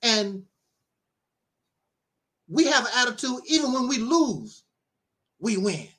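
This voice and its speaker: Speaking slowly at an extremely high pitch, a middle-aged minister tells stories in a relaxed spoken monologue. His animated telling is punctuated by frequent laughter and preachy side comments.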